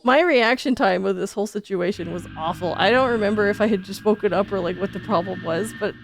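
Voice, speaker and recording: A woman streamer telling stories in casual, animated chat, full of fillers like "like". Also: mid-range voice, fast, creaky, soft background music. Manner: animated, chatty, many fillers like "like". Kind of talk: casual live-stream storytelling.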